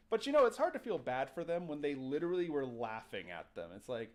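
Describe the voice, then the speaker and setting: Here the podcast host sounds a little high and talks at a quick pace with few pauses. He tells a ghost story on his casual show, joking around and acting out what people said.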